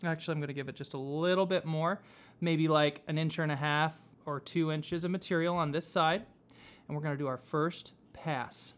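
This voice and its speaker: A man teaching whipmaking, explaining each step patiently with frequent pauses and fillers. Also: a little high, fairly even intonation. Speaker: whipmaking instructor. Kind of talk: hands-on craft tutorial. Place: workshop.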